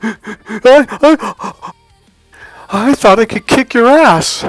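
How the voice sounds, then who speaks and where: A man voicing a tearful, shaken young woman with a high, halting, breathless voice. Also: dry recording, soft background music, exaggerated voice.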